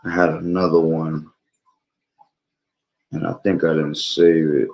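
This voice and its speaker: A low, gravelly male voice preaches about prophecy from home and reads scripture aloud. He rambles and keeps checking in with "all right?" and "okay?" His voice is hoarse, as if he is losing it. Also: little pitch movement, measured pace, highs cut off. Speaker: bible teacher streamer.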